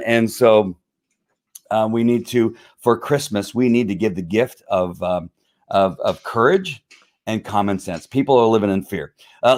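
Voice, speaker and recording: A man hosting his own live video stream, talking in a heated, frustrated, rambling way with many fillers. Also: on the low side. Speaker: livestream host. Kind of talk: casual livestream rant.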